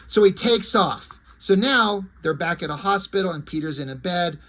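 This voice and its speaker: A man's voice: sits high, animated, normal speed, pushed and bright. A man casually recapping a comic book story, rambling with asides along the way. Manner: rambling and conversational, with asides and fillers.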